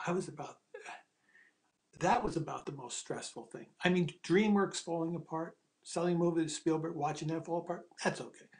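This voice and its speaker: A middle-aged man, a screenwriter, telling a long anecdote in a lively way, acting out other people's lines and swearing casually. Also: fairly high pitch. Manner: acts out quoted dialogue in changed voices, swears casually. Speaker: screenwriter and ghostwriter telling his story. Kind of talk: animated anecdotal storytelling.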